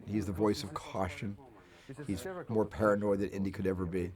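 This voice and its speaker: A film director telling relaxed behind-the-scenes anecdotes in an interview. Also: male voice, fairly low pitch, normal speed, a crowd in the background. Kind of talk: reminiscing interview.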